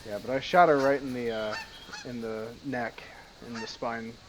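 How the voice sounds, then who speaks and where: A man joining a hunting game as a guest, talking in a relaxed, rambling way with lots of fillers. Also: medium pitch, normal speed. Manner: relaxed, laughs easily, many fillers. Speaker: guest player. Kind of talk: casual gameplay chat. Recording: hissy mic with background noise.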